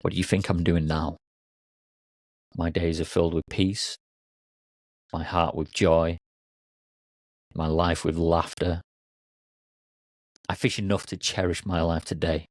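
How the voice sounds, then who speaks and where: A man voicing a contented village fisherman who speaks steadily and calmly. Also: deep voice, unhurried, long pauses, dry recording, studio quality. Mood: serene. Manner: steady, calm and puzzled.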